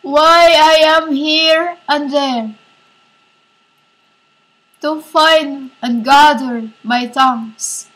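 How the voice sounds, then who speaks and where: A woman giving a rambling spiritual monologue as a self-styled preacher, halting and repetitive, often calling her listeners "women". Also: high voice, steady tone, fairly bright tone, rough recording.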